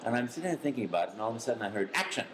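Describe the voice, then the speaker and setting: A man, a voice actor, telling an anecdote in an interview and acting out quoted voices with big leaps in pitch. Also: expressive, racing. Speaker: voice actor guest.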